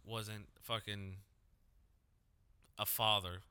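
A man's voice: fairly low pitch, flat delivery, very slow, sharp tone, clear, resonant tone, dry recording. A man co-hosting a podcast, swearing constantly and telling rambling stories in casual chat. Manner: swears constantly, tells stories in funny voices. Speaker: podcast co-host.

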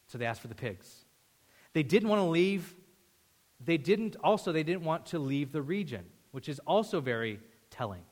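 A man's voice: a little high, big pitch swings, normal speed. Emphatic male preacher in a reverberant hall. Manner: emphatic preaching, swinging between loud and hushed; conversational storytelling asides. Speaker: pastor. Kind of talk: sermon.

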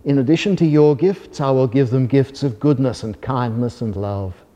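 A man voicing a calm, kindly God who speaks slowly, solemnly and reassuringly in a storybook reading. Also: medium pitch, highs cut off, close to an everyday voice. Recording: long hall reverb.

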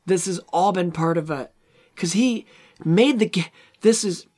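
A man's voice: high-pitched, measured pace, a little mellow. A man in casual chat about a film, retelling scenes animatedly and acting out the characters' lines. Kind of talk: casual movie discussion.

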